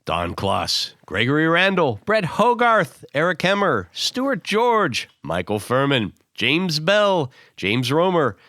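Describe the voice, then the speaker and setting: Brief: male co-host, hoarse from bronchitis, bright lively voice rising and falling a lot, dry sound. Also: fairly high pitch, takes it slowly, few pauses, no room sound. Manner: playful, reads a long list of names. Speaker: podcast co-host. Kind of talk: casual chat.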